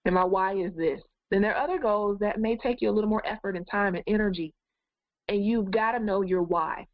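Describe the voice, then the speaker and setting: A woman's voice: mid-range voice, a little fast, no room sound, phone-quality sound. A woman life coach giving an encouraging goal-setting webinar, talking straight to her viewers. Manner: encouraging, addresses viewers directly.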